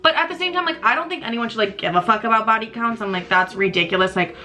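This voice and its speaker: A woman's voice: on the high side, lively intonation, quick pace, bright, forceful tone. A young woman in her twenties chatting casually and swearing a lot while getting ready on camera. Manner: chatty, profane, frequent likes. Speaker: vlogger. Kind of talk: casual get-ready-with-me chat.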